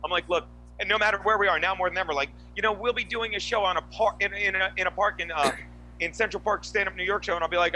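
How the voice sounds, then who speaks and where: A man hosting a podcast, telling animated stories in casual chat with lots of asides. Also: high-pitched, fast talker, slight background noise, low-quality recording. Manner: animated storytelling, frequent asides. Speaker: podcast host.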